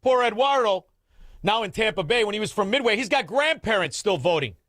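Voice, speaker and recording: A man's voice: high-pitched, animated, a little fast, background noise. A man hosting a radio talk show, ranting in a combative, sarcastic way.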